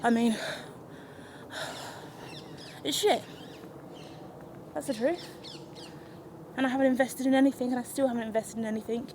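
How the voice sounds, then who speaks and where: A woman, rambling through an unscripted walk-and-talk vlog outdoors, animated and self-mocking. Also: a little high, moderate pace, long pauses, background noise. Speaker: vlogger. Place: outdoors in a park or woodland. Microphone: handheld camera while walking.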